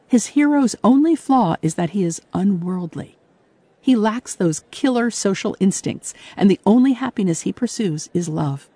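A woman's voice: medium pitch, animated, moderate pace, warm tone, breathy edge, no room sound. A woman hosting a literary radio program, delivering thoughtful scripted commentary from a studio. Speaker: radio show host. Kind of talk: scripted broadcast narration.

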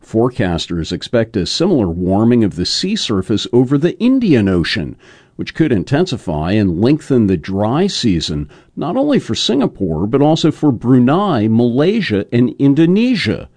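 A man reporting a short scripted news segment in a lively newsreader delivery. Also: medium pitch, moderate pace, no echo.

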